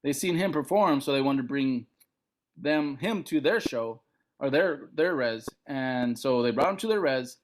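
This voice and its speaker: A middle-aged man from Montana, a comedian guest telling a story on a podcast, acting out other people's lines. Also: unhurried. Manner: animated, acts out other people's lines with big pitch jumps.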